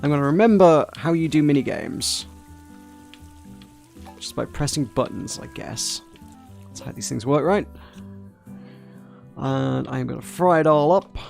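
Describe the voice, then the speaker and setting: A man's voice: fairly high pitch, animated, measured pace, creaky, long pauses, darkish tone, faint music behind. A man giving casual live-stream commentary over a game, chatty and playful, talking along as he plays. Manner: chatty, playful, talks along with his play.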